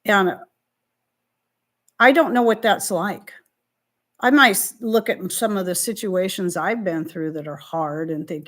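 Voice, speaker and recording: Hosting a live stream, a middle-aged woman answers viewer questions in a heartfelt, faith-filled way, rambling, restarting, and fighting back tears. Her medium-pitched, slightly bright voice moves unhurriedly with frequent pauses, and she sounds emotional and close to crying.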